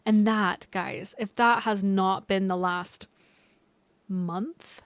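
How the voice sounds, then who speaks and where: A woman's voice: medium pitch, fairly even intonation, takes it slowly, no echo. A young woman astrologer talking casually to her viewers, loose and chatty with many fillers and restarts. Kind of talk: casual astrology vlog talk.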